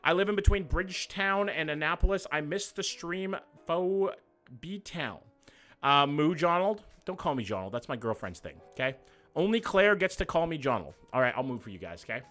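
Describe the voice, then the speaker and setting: A man's voice: fairly high pitch, big pitch swings, moderate pace, a bit bright, soft background music. A young man hosting a livestream, reading viewer comments in loose, profane, joking banter. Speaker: livestream host. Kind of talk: casual live chat reading viewer comments.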